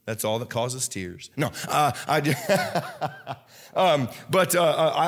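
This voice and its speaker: A pastor preaching a sermon with a Midwestern American accent, shifting from low earnest talk to loud fervent bursts, often halting and restarting. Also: male voice. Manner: halting, many restarts and fillers.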